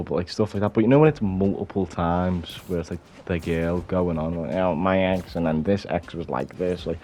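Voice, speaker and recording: A young man with a low, dark voice rants bluntly to camera. He swears constantly and trips over his own restarts. Faint music plays underneath. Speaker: vlogger. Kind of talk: unscripted rant to camera.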